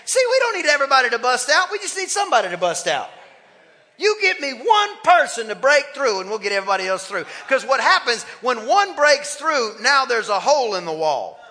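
Male pastor, high and very bright voice, fervent sermon delivery, long church reverb. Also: sing-song, a little fast. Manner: impassioned, calls on the congregation to respond. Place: church sanctuary.

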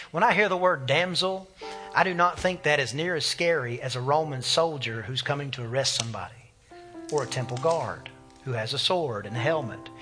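A man, a pastor preaching an impassioned, conversational sermon. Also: a little high. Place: church sanctuary.

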